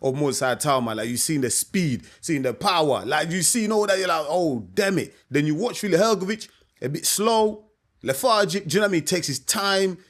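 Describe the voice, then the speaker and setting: A man, a boxing coach giving his opinion to camera in a casual, emphatic way, often asking "you know what I mean". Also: a little high. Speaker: boxing coach and channel host.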